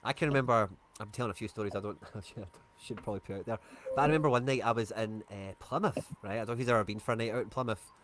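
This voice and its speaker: A man's voice: lowish voice, racing, few pauses, fairly bright tone, a little hiss or hum. A Scottish man hosting a casual livestream chat, telling rambling stories and saying "aye" a lot. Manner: chatty storyteller, says "aye". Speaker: streamer host.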